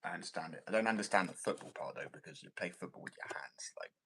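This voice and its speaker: A man's voice: sits low, fast talker, bright, forceful tone, whispered, poor audio. An American man rambling and joking in a casual chat with his viewers, swearing freely. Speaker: streamer chatting with viewers.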